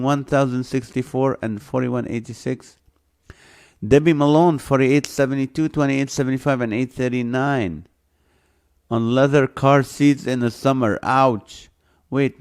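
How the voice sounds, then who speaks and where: A man's voice: mid-range voice, a little mellow. A man hosting a live stream, reading out viewers' names and number guesses in a playful, joking way. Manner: reads viewer names and guesses aloud, runs a guessing game; jokey, playful. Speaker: livestream host.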